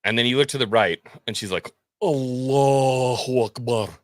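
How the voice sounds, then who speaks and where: A sarcastic, joking man co-hosts a casual podcast. His tone is bright and forceful, and it sounds dry and close to the mic. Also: fairly low pitch, quick pace, no room sound. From Italian-American family. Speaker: podcast co-host. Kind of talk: casual chat.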